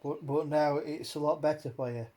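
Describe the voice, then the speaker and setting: A man's voice: a little high, fairly even intonation, normal speed, warm tone. A man hosting a casual chat, rambling and swearing as he rants with many fillers. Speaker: host.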